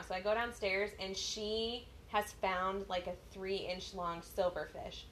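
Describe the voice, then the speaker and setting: A woman's voice: mid-range voice, fairly even intonation, unhurried, few pauses, fairly bright tone, a little hiss or hum. A woman co-hosting a podcast, a mother of a small child, telling self-deprecating stories with lots of laughter. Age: adult, mother of a young child. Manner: giggly, self-deprecating storyteller. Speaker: podcast co-host. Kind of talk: casual chat.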